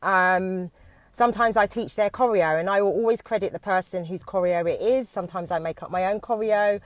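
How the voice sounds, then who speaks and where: A woman's voice: medium pitch, dry recording. Nervous British woman in a car. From United Kingdom. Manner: nervous, halting, many restarts. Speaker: dance teacher. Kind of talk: Facebook live video from a parked car. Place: inside a parked car.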